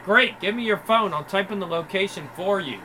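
A man voicing a calm, determined young male hero. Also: sits high, a little fast, a little hiss or hum, poor audio. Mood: brisk.

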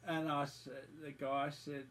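A man's voice: on the high side, flat delivery, unhurried, a bit bright, slight background noise, low-quality recording. A man, delivering an angry, profane monologue that keeps circling back to the same points with open scorn.

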